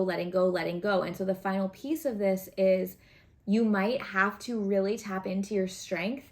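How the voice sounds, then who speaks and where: A woman giving a casual tarot reading to camera, chatty and earnest, often checking in with the listener. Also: mid-range voice. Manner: chatty, earnest, frequent "right?" and "okay?" check-ins; encouraging, coaching tone. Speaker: tarot reader.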